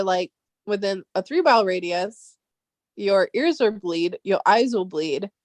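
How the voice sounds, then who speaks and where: A woman's voice: mid-range voice, dry recording. A woman vlogger ranting casually and heatedly, swearing often and rambling with restarts.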